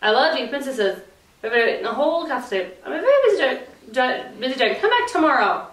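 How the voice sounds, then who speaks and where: A woman voicing a boastful, busy male dragon who brushes visitors off in a brisk, high voice, heard from a distance in a roomy space. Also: very animated. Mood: brusque. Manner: brisk, dismissive, high-pitched.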